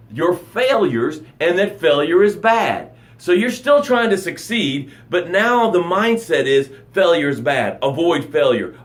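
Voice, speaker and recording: A middle-aged man, a life coach, giving a dramatic motivational live broadcast to his camera. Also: fairly high pitch. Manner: dramatic, animated delivery with acted-out sounds and gasps. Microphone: camera for a live stream.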